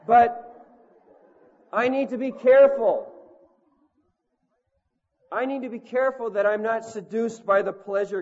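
A man's voice: sits high, darkish tone. A man preaching a storytelling sermon in a conversational, self-mocking way, with lots of "you know" and "like". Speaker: preacher and touring band leader. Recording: lo-fi recording in a long-echo hall.

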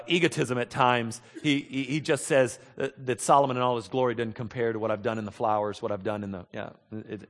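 A pastor preaching a conversational sermon, acting out the dialogue of the scripture stories with frequent restarts. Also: male voice, mid-range voice, fairly bright tone, in a large hall. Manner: conversational, acts out dialogue, repeats words.

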